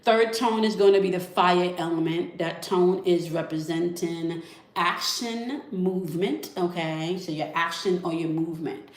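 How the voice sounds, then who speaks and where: Woman, spiritual guide, calm, coaxing, low voice, roomy echo. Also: a little slow. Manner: calm, coaxing, ends phrases with "okay?". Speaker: spiritual reader. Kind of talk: guided energy check-in. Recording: echoey room.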